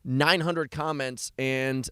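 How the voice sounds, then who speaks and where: A man's voice: medium pitch, fairly even intonation, slow, a bit bright, clear, resonant tone, no room sound, clean studio sound. A man in casual podcast chat, blunt and profane, cracking jokes.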